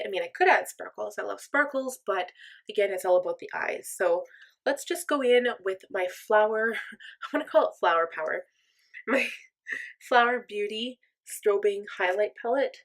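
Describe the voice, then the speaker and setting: A woman's voice: medium pitch, moderate pace, a bit bright. Chatty woman thinking aloud. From mostly German, part Irish and Norwegian descent. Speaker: makeup vlogger. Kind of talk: casual makeup tutorial chat.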